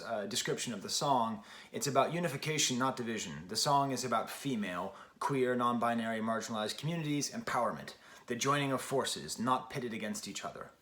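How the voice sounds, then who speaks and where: Reviewing an album casually, a forties-aged man wanders through his thoughts, frequently starting sentences over and making self-deprecating jokes. He has a medium-pitched voice with a fairly bright tone.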